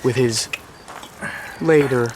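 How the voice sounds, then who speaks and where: A man's voice: medium pitch, slow, lightly acted. An actor playing a wry adult man in a film clip, speaking in a dry, mocking way. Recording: film clip with background noise.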